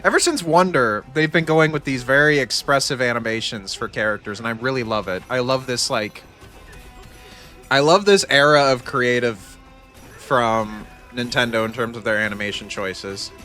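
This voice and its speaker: A man's voice: medium pitch, normal speed, pushed and bright, faint music behind. A man streaming his reaction to a game showcase, overexcited and teary, exclaiming and repeating himself. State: teary, says he is in tears. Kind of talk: excited live stream reaction.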